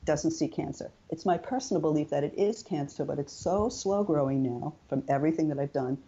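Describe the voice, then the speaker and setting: An older woman, a guest in an interview, telling her personal story in a chatty, animated way and acting out quoted dialogue. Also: low voice, fairly quick, slightly rough, dull audio.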